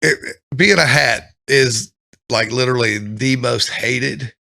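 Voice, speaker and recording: This is a middle-aged man with a gravelly, fry-edged voice. He talks casually as a former drill instructor, with blunt, profane humor. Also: mid-range voice, slow, pushed and bright. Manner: blunt, profane storytelling with laughter. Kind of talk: casual podcast chat.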